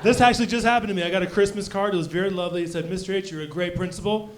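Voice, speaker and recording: A man with a high voice and dry, self-deprecating humor, sitting off mic a little. A crowd murmurs around him at a live show. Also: steady tone, racing. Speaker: school principal, guest. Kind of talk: casual comedic chat.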